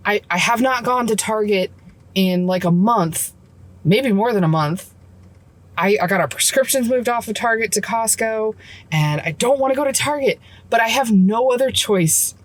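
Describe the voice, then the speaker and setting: A woman's voice: a little high, animated, normal speed. A woman and mom venting her frustrations in a casual vlog from her car, swearing often, recorded on her phone. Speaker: vlogger and mom. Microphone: phone camera.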